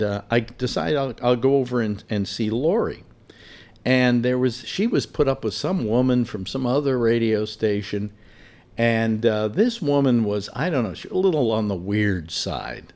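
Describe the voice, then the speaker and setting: A man telling a long personal anecdote in an animated, exasperated way, full of restarts. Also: mid-range voice. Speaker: storyteller. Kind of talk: casual anecdote told aloud.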